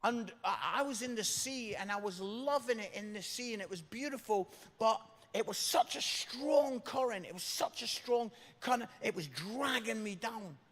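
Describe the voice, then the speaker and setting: High-voiced British preacher in a reverberant hall. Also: male voice, normal speed, few pauses, fairly bright tone. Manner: storytelling, repeating phrases for emphasis. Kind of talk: evangelistic sermon with a story. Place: large church hall.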